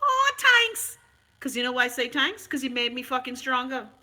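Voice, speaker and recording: A woman's voice: sits high, little pitch movement, fast talker, bright, forceful tone. A middle-aged Bahamian woman ranting on her vlog, sarcastic, profane and emphatic. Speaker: vlogger. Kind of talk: unscripted vlog rant.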